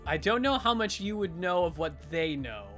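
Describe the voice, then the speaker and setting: A man's voice: high voice, big pitch swings, moderate pace, fairly bright tone, soft background music. A man running a tabletop role-playing game as game master, narrating with lots of fillers and self-corrections.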